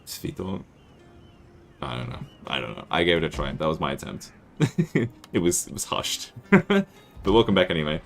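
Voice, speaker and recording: Soft background music accompanies a young Australian man from the Northern Territory who is streaming a strategy game. His bass voice is creaky and fairly quick, swooping wildly in pitch as he chats and rambles. He laughs a lot and puts himself down.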